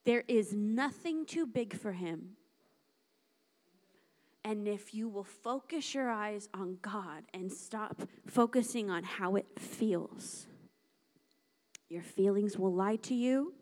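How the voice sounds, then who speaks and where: A woman preaching a lively, conversational sermon to a church congregation, acting out little dialogues as she talks. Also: mid-range voice. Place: church service.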